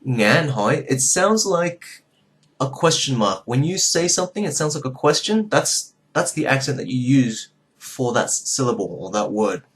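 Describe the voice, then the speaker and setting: A man from southern Vietnam giving a casual video lesson as a language teacher, talking loosely with many fillers and swinging his pitch up and down to show tones. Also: lively intonation, normal speed.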